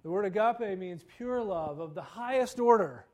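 A man's voice: high-pitched, animated, moderate pace. A male pastor giving a conversational sermon, acting out quoted dialogue with stammering repetitions.

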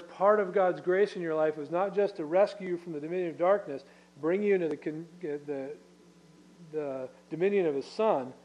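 A man's voice: high voice, lo-fi sound. A man preaching a Bible-study sermon in a conversational way, with fillers and rhetorical questions. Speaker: pastor.

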